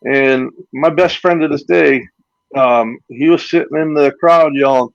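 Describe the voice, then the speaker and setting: Veteran male wrestler spinning loose anecdotes; gravelly, dry, slightly muffled recording. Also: fairly high pitch, measured pace, dry recording. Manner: rambling anecdotes with acted-out quotes and laughs. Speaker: retired pro wrestler, guest. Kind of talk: casual storytelling interview.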